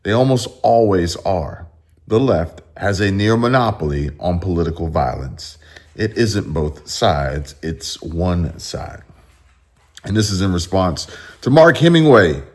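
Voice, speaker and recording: A man's voice: low-pitched, animated, unhurried. A man hosting casual political commentary, rambling and searching aloud for posts as he reads them out.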